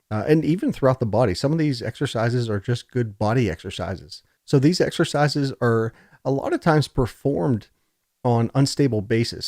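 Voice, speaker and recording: A man's voice: medium pitch, darkish tone, dry recording, studio quality. A man giving a casual, digressive recorded lecture, joking along the way, his throat a little scratchy. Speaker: college lecturer.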